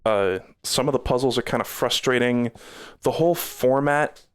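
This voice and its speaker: Tired streamer man, smooth voice. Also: medium pitch, normal speed. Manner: rambling, many fillers and restarts. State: tired, losing his voice. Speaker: streamer reviewing games. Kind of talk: casual live-stream commentary.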